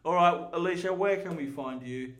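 A man's voice: a little high, moderate pace, fairly bright tone. A man hosting a podcast in a casual, laid-back way, often saying "dude" and swearing. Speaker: podcast host.

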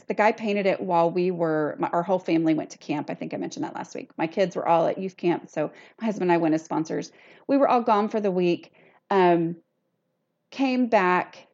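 A woman's voice: fairly low pitch, darkish tone. A middle-aged woman, chatting casually and self-deprecatingly as a solo podcast host. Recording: dull lo-fi recording.

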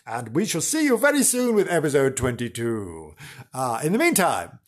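A man hosts a comic podcast, gushing and giggling as he chats. His husky voice leaps around with lively pitch, climbing high whenever he gets excited. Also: normal speed. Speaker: podcast host. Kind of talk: casual comic podcast chat.

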